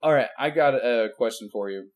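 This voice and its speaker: A laid-back man co-hosts a casual podcast, speaking a little fast at a medium pitch. He asks questions and walks through martial arts moves one step at a time.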